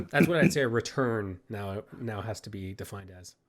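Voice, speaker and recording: A man's voice: on the low side, animated, normal speed. A man co-hosting a casual gaming chat, joking and laughing often. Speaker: co-host.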